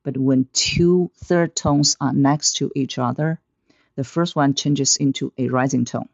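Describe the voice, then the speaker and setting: A man teaching Mandarin pronunciation in a slow, deliberate, instructive scripted lesson. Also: mid-range voice, steady tone, vocal fry, no echo. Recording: dull, slightly lo-fi, dry sound.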